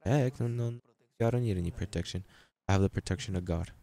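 A man preaching a sermon as pastor, emphatic and repetitive, with halting restarts and sudden jumps in pitch. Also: dark tone.

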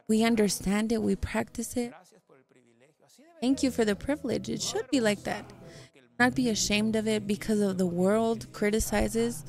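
Gravelly woman interpreting a sermon. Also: medium pitch, darkish tone. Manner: measured, catches up in short phrases.

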